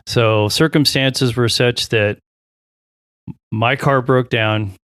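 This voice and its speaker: A man, a pilot and podcast guest, telling a long story in a casual, animated way, acting out the voices of others and often restarting his sentences. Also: medium pitch, slow pace, clean tone, no room sound, clean studio sound. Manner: animated, acts out quoted voices, frequent restarts.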